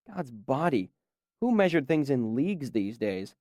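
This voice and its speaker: Male audiobook narrator, measured first-person storytelling, dry studio sound. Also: medium pitch, sing-song, dark tone, no echo.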